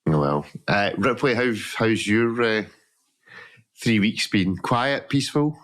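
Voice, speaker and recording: A man's voice: fairly low pitch, expressive, takes it slowly, a bit bright. A man hosting a watch podcast in casual panel chat, playful and teasing as he steers the conversation. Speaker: podcast host.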